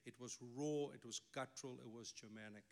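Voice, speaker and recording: A middle-aged South African pastor, a native Afrikaans speaker, preaches a sermon in a brisk, mid-range voice. His delivery is emphatic, sprinkled with wry asides.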